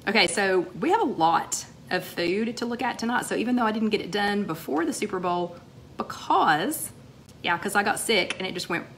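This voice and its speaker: A woman, a little hoarse, hosting a casual live-stream chat and greeting viewers by name. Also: medium pitch, animated, normal speed, a bit bright, a little hiss or hum. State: slightly hoarse. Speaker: livestream host. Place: home, TV playing in the background.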